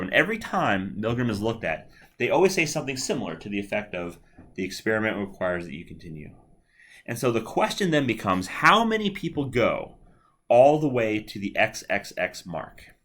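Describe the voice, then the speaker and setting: A man's voice: fairly low pitch, big pitch swings, a little fast, fairly bright tone. A man giving a recorded video lecture in a conversational way, often repeating himself and checking in with "all right.". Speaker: psychology lecturer.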